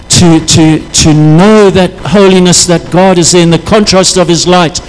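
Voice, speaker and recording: A man preaching a sermon, impassioned, his voice rising into loud prayerful pleas. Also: high-pitched, fairly even intonation, measured pace, hardly any pauses, clear, resonant tone, poor audio.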